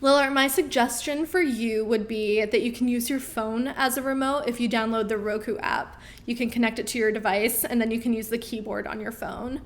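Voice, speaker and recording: A young woman hosting a casual live-stream Q&A, reading viewer questions aloud and answering in a friendly way with frequent ums, her voice getting worn as she keeps clearing her throat. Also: on the high side, fairly even intonation, moderate pace, hardly any pauses.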